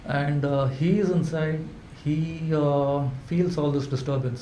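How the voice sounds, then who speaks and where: A man, telling folk tales to a live audience in a halting way, with many fillers and restarts. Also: on the high side, fairly even intonation, warm tone. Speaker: storyteller. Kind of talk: live folklore storytelling. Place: event hall indoors. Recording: echoey room with faint hum.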